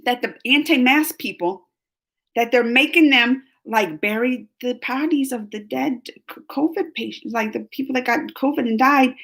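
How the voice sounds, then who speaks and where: A chatty woman, feeling a bit sick and rambling through a casual live chat with viewers, laughing often. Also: high-pitched. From New Orleans, USA. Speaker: livestream host reading chat.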